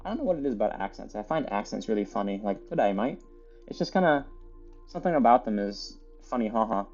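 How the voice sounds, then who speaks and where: A man's voice: lowish voice, lively intonation, quick pace, a little mellow, highs cut off, soft background music. A man giving casual, chatty play-by-play commentary while he plays a video game, rambling with lots of fillers. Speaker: gaming video creator.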